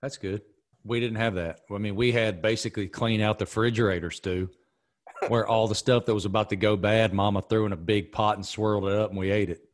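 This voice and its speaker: Fairly quick and lowish in voice, this middle-aged Southern podcast host chats casually. He tells his stories emphatically, the way an animated storyteller would.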